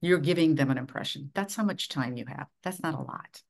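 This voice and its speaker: A middle-aged woman from Minnesota, a leadership coach giving measured, instructive advice as a podcast guest. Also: gravelly. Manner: measured, instructive, dramatic swings of pitch and volume. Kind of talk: podcast interview.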